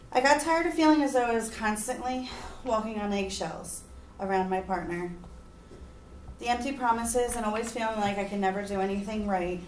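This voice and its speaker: A woman's voice: medium pitch, a little hiss or hum. A woman giving an earnest persuasive speech, at times emotional. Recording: echoey room, mic far off.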